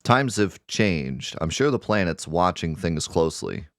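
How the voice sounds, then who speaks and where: Man voicing a gentle young game mother, soft and earnest, dry sound. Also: sits low, very animated, measured pace, no echo, heavily acted. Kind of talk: reading game dialogue aloud.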